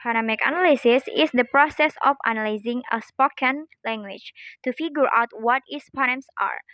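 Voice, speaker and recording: A woman's voice: high voice, a bit bright, no echo. Young woman reading a phonetics lesson aloud. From Indonesia. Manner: careful, halting reading with small slips. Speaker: student presenter.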